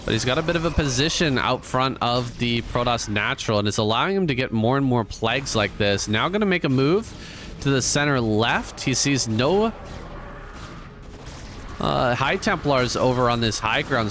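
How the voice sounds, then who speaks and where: A man giving relaxed, conversational play-by-play commentary on a strategy game match, with casual asides. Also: mid-range voice, moderate pace, noisy background. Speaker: esports caster.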